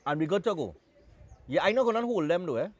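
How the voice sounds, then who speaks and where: A Trinidadian man hosts a live morning show, talking in a chatty, joking way. His voice sits fairly high for a man. He slips into loose Caribbean phrasing as he goes. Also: big pitch swings, fast. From Trinidad and Tobago. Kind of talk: casual on-air chat.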